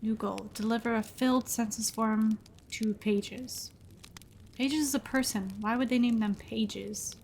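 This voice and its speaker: A woman's voice: a little high, fairly even intonation, measured pace, a little mellow, slight background noise. A young woman streaming a story game, reading its text aloud and reacting with frequent laughs in casual commentary.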